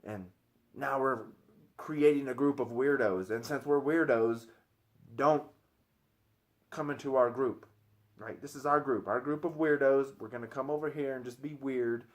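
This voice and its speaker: A man's voice: medium pitch, measured pace. A man in his thirties giving an earnest, opinionated vlog monologue, often tagging his points with "right?". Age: 30s. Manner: chatty, keeps tagging lines with "right?"; earnest, opinionated, repeats himself while he thinks. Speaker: personal trainer vlogger.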